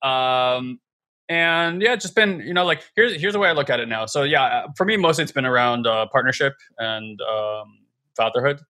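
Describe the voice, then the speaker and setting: A man in casual chat, relaxed and reflective, speaking with fillers. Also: medium pitch, normal speed.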